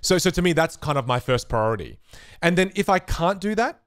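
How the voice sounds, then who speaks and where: A man's voice: a little high, a little fast, no room sound, studio quality. A young man, a magic instructor, answering viewer questions on a live stream in a casual, chatty way and acting out the voices of spectators. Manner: chatty, animated, acts out voices of spectators and hecklers.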